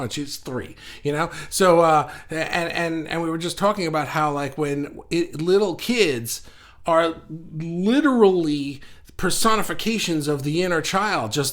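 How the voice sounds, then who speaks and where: A man's voice: medium pitch, fairly bright tone. A man hosting a casual livestream, chatting in a rambling way and reading viewer comments aloud. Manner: rambling and chatty, with frequent restarts. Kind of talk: casual live chat.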